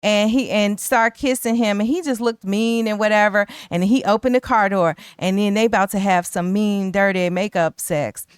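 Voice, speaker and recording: A woman's voice: mid-range voice, moderate pace, hardly any pauses, smooth, dry recording. Woman co-host, mid-range voice, chatty movie-recap delivery, dry close mic. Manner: animated, acts out characters' lines in quotes; chatty, slangy.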